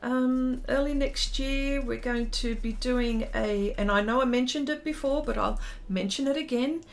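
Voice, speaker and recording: A woman hosting an art livestream, chatting warmly and casually with viewers while she draws, with plenty of ums and heartfelt asides. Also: high voice, a little slow, gravelly. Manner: chatty and heartfelt, many ums, reads out chat comments.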